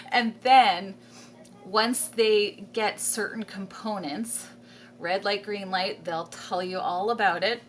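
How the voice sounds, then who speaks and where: A woman's voice: mid-range voice, a little hiss or hum. A homeschooling mother talking casually to camera, enthusiastic, repeating words for emphasis and laughing often mid-sentence. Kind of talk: casual vlog talk to camera.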